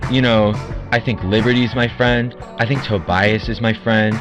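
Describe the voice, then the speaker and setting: A man's voice: lowish voice, steady tone, normal speed, over music, lightly acted. A man playing a chatty, defensive young contestant in an improvised comedy audio drama, talking in a rambling, theatrical way. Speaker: comedy performer.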